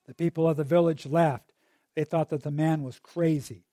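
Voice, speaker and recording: A man's voice: a little high, fairly even intonation, normal speed, mellow, no echo. A man preaching a sermon in a conversational way, with asides and little digressions as he tells a story.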